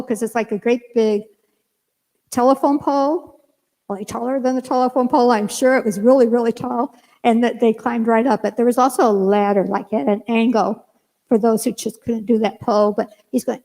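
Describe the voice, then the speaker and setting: An older woman minister tells a story from the pulpit, animated and acting out the back-and-forth of a conversation. Her voice sits a little high. The sound trails off into the long reverb of a church hall. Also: moderate pace. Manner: animated, acts out both sides of conversations. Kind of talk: sermon storytelling. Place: church sanctuary.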